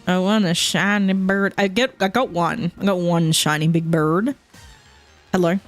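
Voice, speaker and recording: A woman's voice: lowish voice, fairly even intonation, a little slow, soft background music. Rambling, laughing woman streamer. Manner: rambling, swears often, laughs a lot. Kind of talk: casual chat while playing a game.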